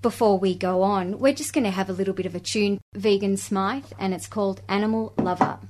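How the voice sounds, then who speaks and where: A woman hosts a community radio show with a mid-range voice. She reads station idents and introduces her guest in a steady, announcing manner. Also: medium pitch, brisk, background noise. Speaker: radio host. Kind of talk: radio presenting.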